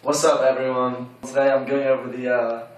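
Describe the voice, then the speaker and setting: Young male student, frank laid-back bro tone, mid pitch, heavily echoey and off-mic. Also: flat delivery, brisk, far from the mic. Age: young adult. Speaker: student giving dating tips. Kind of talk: casual vlog advice segment.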